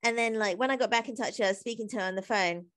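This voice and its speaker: A woman with a fairly high voice chats as a podcast guest. She talks in a loose, animated way, packing her sentences with "like", and breaks into laughter often. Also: rapid-fire. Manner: chatty and animated, laughs often, many "like" fillers. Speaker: guest, comedy writer and singer. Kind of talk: casual interview conversation.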